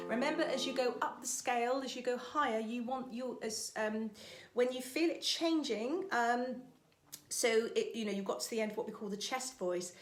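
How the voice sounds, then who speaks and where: A woman vocal coach leading an online singing lesson, giving breathing and warm-up instructions in a chatty, encouraging way. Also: a little high. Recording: echoey room with faint music.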